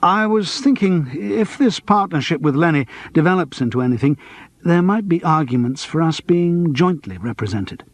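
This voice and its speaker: A man's voice: a little high, lively intonation, normal speed, no echo, pitched above the performer's own voice. A man playing a polite, hesitant actor. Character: wry, struggling middle-aged male actor. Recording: dry close studio.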